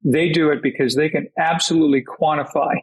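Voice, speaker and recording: A man appearing as a podcast guest, explaining ideas in a measured way during a casual conversation. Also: on the high side, fairly even intonation, breathy edge, poor audio. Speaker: podcast guest, peer-group expert.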